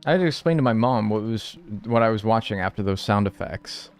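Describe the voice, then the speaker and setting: Young male streamer, lively swooping delivery, chatty joking banter with chat, faint game music under him. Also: fairly low pitch, a little fast. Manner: animated, joking banter with sudden mock outrage. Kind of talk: casual live-stream chat, reading viewer messages.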